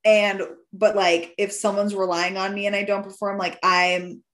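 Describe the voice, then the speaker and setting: A woman co-hosting a podcast, chatting casually and getting animated and loud as she tells a story. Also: mid-range voice, normal speed, echoey room. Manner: animated, swearing, rising to shouts when telling a story. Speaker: podcast co-host. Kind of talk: casual chat.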